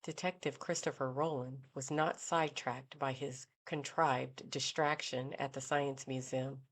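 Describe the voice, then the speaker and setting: Low-voiced woman narrating a novel. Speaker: audiobook narrator. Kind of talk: scripted narration.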